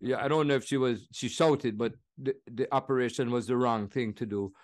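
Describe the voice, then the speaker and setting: An older man in his seventies with a Jamaican accent, chatting as an interview guest. He tells his stories animatedly, laughs often and drops into playful impressions. His voice sits at a middling pitch for a man. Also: a little fast. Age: 70s. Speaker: guest musician. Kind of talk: conversational storytelling interview.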